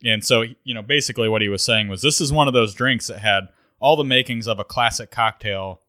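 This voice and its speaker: A man co-hosting a podcast, chatting casually, relaxed and chuckling as he thinks aloud. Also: on the low side, fairly quick, dry recording, clean studio sound. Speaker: podcast co-host. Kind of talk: casual chat about cocktails.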